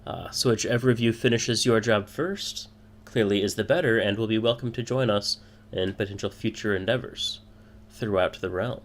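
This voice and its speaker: A man's voice: lowish voice, unhurried, pitched above the performer's own voice. A man voicing a pompous, boisterous male thieves' guild boss in a tabletop game, speaking in a formal, grand manner. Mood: grandly menacing.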